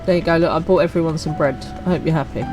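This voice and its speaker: A woman's voice: low-pitched, steady tone, very fast, music in the background, poor audio. A woman streaming a game, chatting casually and teasing herself. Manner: chatty, self-mocking. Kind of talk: casual gameplay commentary.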